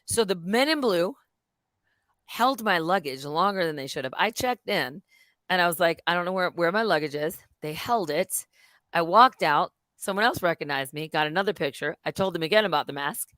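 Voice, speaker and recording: A woman's voice: fairly low pitch, animated, normal speed, fairly bright tone, no room sound. A middle-aged woman on a casual live stream, telling a story with lots of energy, swearing freely and acting out what people said. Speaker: host.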